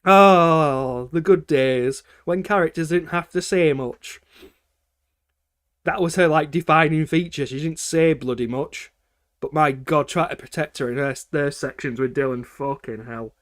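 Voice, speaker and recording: A man's voice: a little high, measured pace, a bit bright, dry recording, studio quality. A man streaming games and chatting casually, ranting with frequent swearing and laughter between points. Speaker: game streamer. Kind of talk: casual livestream chat.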